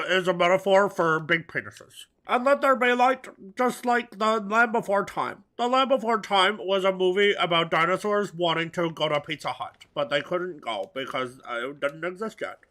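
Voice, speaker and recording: Man, high and bright voice, rambling gameplay commentary with absurd crude jokes. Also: normal speed. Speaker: gaming video host. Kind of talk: let's-play commentary.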